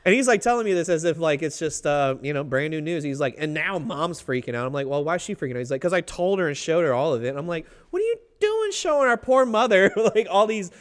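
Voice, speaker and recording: Man, podcast guest, fast and clear, rambling anecdotal delivery. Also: a little high. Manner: rambling storyteller, laughs often, swears casually. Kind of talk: casual chat.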